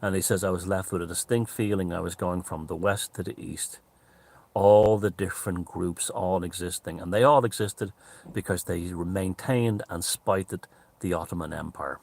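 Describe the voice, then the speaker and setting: A man with an Irish accent talking to camera in a rambling, animated monologue, swearing freely. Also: sits low, normal speed, gravelly. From Ireland. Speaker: commentator. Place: outdoors near mountains.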